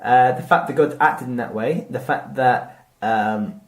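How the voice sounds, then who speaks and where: A podcast co-host with a mid-range voice talks a little slowly in casual conversation, rambling and hesitating with plenty of fillers. It's recorded in an echoey room.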